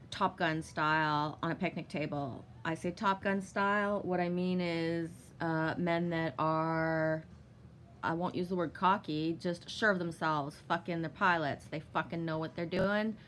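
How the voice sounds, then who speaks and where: A woman vlogger casually telling a long story, rambling with lots of fillers, swearing often and bursting into giddy excitement. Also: lowish voice, slight background noise.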